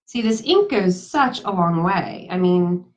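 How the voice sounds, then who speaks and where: A woman's voice: lowish voice, animated, unhurried. A woman giving a casual live craft demonstration, chatty, laughing easily and talking straight to her viewers. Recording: dull lo-fi sound.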